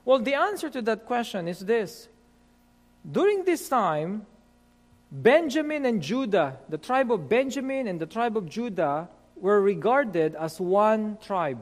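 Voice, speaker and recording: Slow, high-voiced man preaching in a hall. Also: sing-song. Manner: slow, deliberate reading with many fillers. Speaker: pastor. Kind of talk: Bible teaching sermon.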